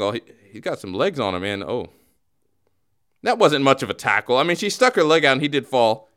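A male podcast host chatting casually, his pitch swinging up and down as he jokes. He rambles through his play-by-play in an easygoing way, sitting in the middle of the male pitch range. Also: big pitch swings, brisk, fairly bright tone, clear, resonant tone. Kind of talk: casual chat.

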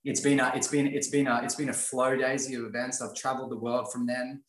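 A man's voice: mid-range voice, little pitch movement, brisk. A man sharing his life story in an earnest, motivational way, often repeating phrases for emphasis. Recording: roomy echo.

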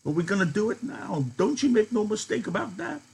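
A man reading a storybook puts on a weathered old farmhand with a husky, raised voice. He pleads earnestly, pressing his dream of a little land of his own. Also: very animated, brisk, darkish tone, heavily acted. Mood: yearning. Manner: raised pitch, earnest, insistent.

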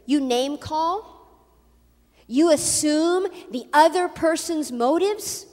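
A high-pitched woman preaching a sermon with lively emphasis, acting out the people she quotes. Her voice carries a long hall reverb. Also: slow pace. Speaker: pastor.

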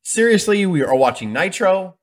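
A man's voice: sits high, very animated, normal speed. A young adult man co-hosting a casual chat show, ranting heatedly with lots of swearing. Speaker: podcast co-host reviewing wrestling events.

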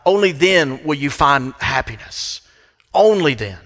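In a church sanctuary, a middle-aged man delivers a sermon from the pulpit in a slightly high, animated voice with a fairly bright tone and an unhurried pace. As pastor, he presses his points by repeating phrases, all carried on the hall's long reverb.

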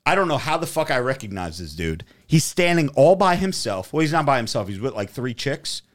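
With a mid-range voice and a brisk pace, a man hosts a podcast and tells an offhand, profanity-heavy story, acting out the lines of dialogue with lots of animation.

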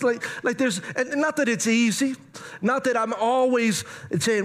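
High-voiced man preaching a lively sermon. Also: moderate pace. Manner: animated, conversational preaching with playful asides. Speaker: pastor.

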